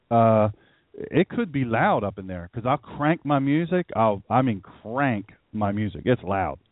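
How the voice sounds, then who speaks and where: A man's voice: medium pitch, no room sound. A middle-aged man, a pastor hosting a live radio show, preaching in a conversational way and repeating phrases for emphasis. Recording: dry, tinny phone-line sound.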